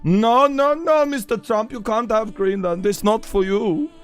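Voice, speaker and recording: A man voicing a boastful American politician with a German twist, bragging in a loud, repetitive way. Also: high-pitched, a little slow, clean tone, soft background music.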